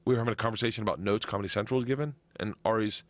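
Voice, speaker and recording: A man who is a stand-up comedian and a guest, talking in an excitable, rambling, profane way in casual chat. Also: lowish voice, rapid-fire, no echo.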